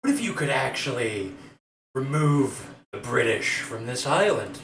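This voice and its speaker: A man voicing a grinning, scheming hooded monk who recruits with slow, flattering persuasion, in an echoey room with faint noise. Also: medium pitch, distant mic. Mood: persuasive.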